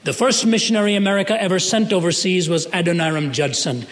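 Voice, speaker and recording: A high-pitched man delivering a sermon as a dramatic story. He acts out the quoted speakers as he goes. His voice rings out in a hall with long reverb. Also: fast. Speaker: preacher.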